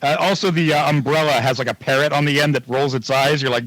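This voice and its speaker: A man's voice: fairly high pitch, wildly swooping pitch, normal speed, noisy background. A man joking around in a casual podcast chat, laughing often.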